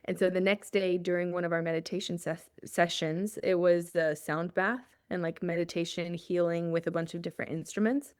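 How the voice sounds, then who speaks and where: A woman's voice: fairly low pitch, fairly even intonation, normal speed, few pauses, darkish tone, smooth, no echo, studio quality. A woman guest on an interview show, telling a personal story in a casual way, often laughing and acting out her own thoughts. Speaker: guest, journalist.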